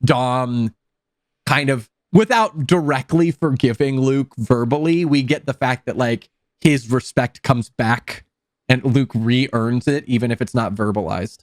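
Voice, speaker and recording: A man's voice: mid-range voice, measured pace, dry recording. A man chatting casually about a film, rambling with many fillers. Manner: rambling, heavy use of filler words. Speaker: podcast co-host.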